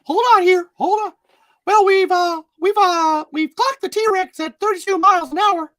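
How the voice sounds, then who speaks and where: A man voicing a cheerful cartoon mouse in a high, squeaky falsetto with giggly laughs. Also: normal speed, sharp tone, dry recording. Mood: cheery.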